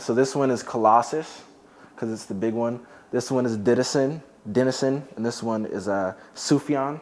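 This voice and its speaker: Brief: young man with a mid-range voice, relaxed and jokey, loose fillers, giving a home tour indoors. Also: mid-range voice. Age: young adult. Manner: chatty, laid-back, jokey, with many "like" fillers. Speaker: formerly homeless youth. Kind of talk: casual home tour talk. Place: his own apartment, indoors.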